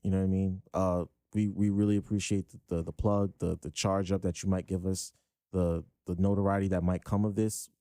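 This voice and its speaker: A man's voice: low-pitched, little pitch movement, fairly quick, dark tone, dry recording. A man co-hosting a podcast, thanking and encouraging his guest as he interviews him on a close mic. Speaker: podcast co-host. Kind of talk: casual interview chat.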